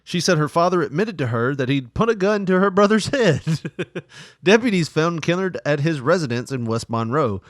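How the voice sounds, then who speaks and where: A man's voice: a little high, lively intonation, moderate pace, dry recording, studio quality. A man co-hosting a casual podcast, laughing often and reading news stories aloud with joking asides. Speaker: podcast co-host.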